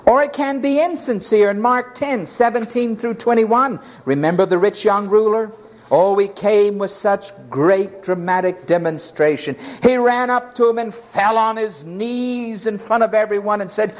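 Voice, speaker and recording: A man preaching a sermon in an animated, dramatic way, acting out the scenes as he tells them. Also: high-pitched, normal speed.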